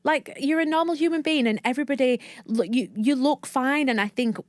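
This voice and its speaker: A woman's voice: sits high, brisk, dry recording, clean studio sound. A woman from Leeds with a broad Northern English accent, a coach chatting as a guest in a casual podcast interview, effusive and often restarting her sentences. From Leeds, England.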